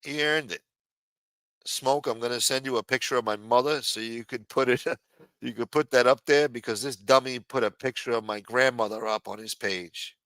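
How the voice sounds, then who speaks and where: A man's voice: medium pitch, steady tone, normal speed, fairly bright tone, clean tone, no room sound, poor audio. A man on a livestream ranting angrily and scolding a viewer, with lots of profanity. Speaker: livestream co-host. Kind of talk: heated livestream rant.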